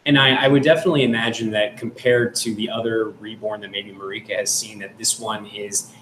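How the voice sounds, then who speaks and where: A man playing a tabletop game, describing his character's actions in halting, filler-heavy narration. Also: on the low side, level tone, fairly bright tone, roomy sound, a little hiss or hum, rough recording. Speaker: player.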